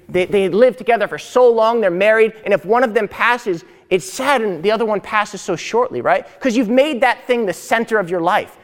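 Lively young man lecturing in echoing room. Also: sits high. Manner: animated, conversational, often tags "right?". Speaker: teacher. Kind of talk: storytelling lecture.

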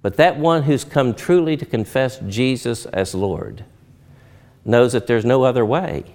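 A male pastor preaching a sermon, earnest, building to loud emphatic swells and slowing for solemn pauses. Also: mid-range voice.

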